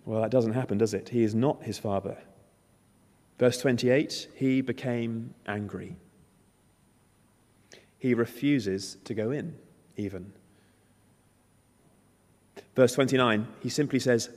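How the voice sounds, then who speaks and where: A man's voice: medium pitch, unhurried, pauses often, a little mellow. A man preaching a sermon, emphatic and storytelling, acting out the characters' lines. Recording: long hall reverb.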